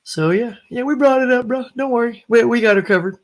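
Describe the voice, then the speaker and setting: A man's voice: very high voice, brisk. A man hosting a casual live-stream chat, ranting with animation and mimicking others in quoted lines. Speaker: host.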